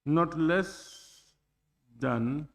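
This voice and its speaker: A man chairing a parliamentary committee, reading clauses deliberately and putting questions to the vote. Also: on the high side, fairly bright tone. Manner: deliberate, reads clauses slowly and puts questions. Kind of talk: formal procedural chairing. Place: legislative chamber.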